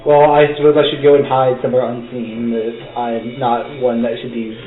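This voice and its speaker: A man playing a tabletop game, talking in a relaxed, casual way. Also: mid-range voice, fairly quick. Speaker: player. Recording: tinny, echoey online call with chatter.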